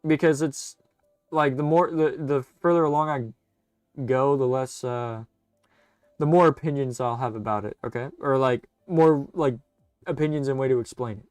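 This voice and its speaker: A man's voice: medium pitch, moderate pace, clear, resonant tone, no echo, soft background music. A man streaming and chatting casually, rambling and stammering as he corrects himself mid-sentence. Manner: rambling, stuttering, self-correcting; excitable, chatty. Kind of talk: casual live-stream commentary.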